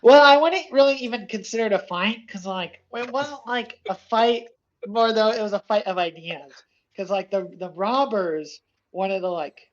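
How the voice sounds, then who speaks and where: A man's voice: sits high, moderate pace, highs cut off, voice pushed up, close to an everyday voice. A man doing a rambling clueless hero. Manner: rambling, full of filler.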